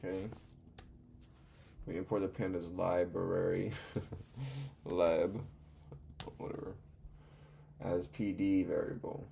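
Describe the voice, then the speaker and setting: Young guy on a coding stream, deep gravelly voice, mumbles through code as he types, faint noise behind. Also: steady tone, slow pace, long pauses, mellow. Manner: muttering, hesitant, reading code aloud while typing. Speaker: live streamer learning to code. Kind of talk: casual live-stream thinking aloud.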